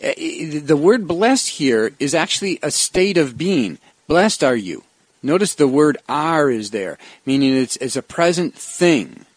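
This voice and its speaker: A man's voice: fairly high pitch, sing-song, unhurried, no room sound. A male pastor leading a Bible study discussion, explaining verses reflectively with frequent restarts.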